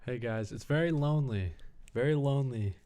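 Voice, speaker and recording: A young man co-hosting a gaming podcast with a laid-back, easygoing delivery. His voice sits at an ordinary middle pitch, and he rambles through stories with crude jokes. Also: fairly quick, dark tone. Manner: laid-back, crude humor, loose storytelling. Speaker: podcast co-host. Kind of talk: casual chat.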